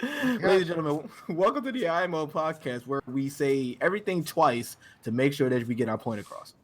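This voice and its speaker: A man's voice: a little high, lively intonation, fairly quick. A man hosting a casual podcast, joking around and laughing often, repeating words for effect. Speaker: podcast host.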